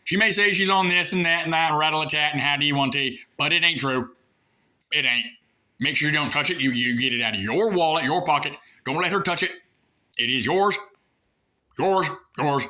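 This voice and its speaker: Sharp-voiced sarcastic ranting man. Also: a little high, brisk. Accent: rural American. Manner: folksy, coarse talk. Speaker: vlogger airing grievances. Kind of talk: rambling monologue to camera.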